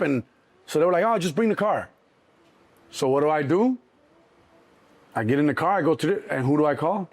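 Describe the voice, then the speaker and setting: A middle-aged man from Chicago, a guest in an interview, telling his story in an animated way and acting out the people in it. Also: high voice, fairly quick, long pauses, no room sound. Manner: animated, acts out cops and himself in quotes.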